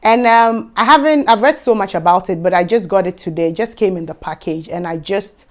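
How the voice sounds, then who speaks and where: A young woman hosting a fragrance channel, chatting excitedly through an unboxing. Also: mid-range voice, fairly quick. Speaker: fragrance vlogger. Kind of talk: casual unboxing vlog.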